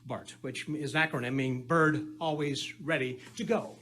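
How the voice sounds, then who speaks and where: Joke-cracking magician on a live stage. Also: male voice, fairly high pitch, fairly even intonation, normal speed. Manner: corny punning patter, chatty, teasing the crowd. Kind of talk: comedy magic act with audience banter. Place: live stage before an audience.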